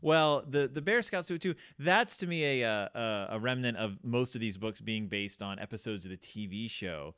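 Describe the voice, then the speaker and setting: A man hosting a casual podcast discussion of a children's book, animated and quick to laugh, with plenty of fillers. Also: medium pitch, clean tone. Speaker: podcast host.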